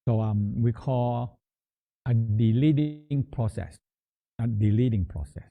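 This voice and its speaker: A man guiding a meditation practice in a halting, repetitive teaching manner, often restating words as he explains. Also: medium pitch. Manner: halting, repeats words, slow explanatory phrasing. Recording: tinny phone-like sound.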